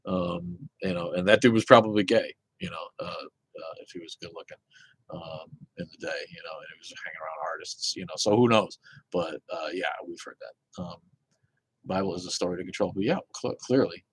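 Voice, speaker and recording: Husky, low-voiced man ranting casually. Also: brisk, no room sound, low-quality recording. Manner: rambling, profane, many fillers and restarts. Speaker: host of an atheist live show. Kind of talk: casual live Q and A chat.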